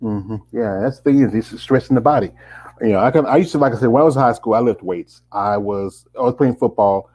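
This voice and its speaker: A man's voice: medium pitch, fairly quick, a little mellow, low-quality recording. A man, hosting a casual interview and rambling with many restarts. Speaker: interviewer host.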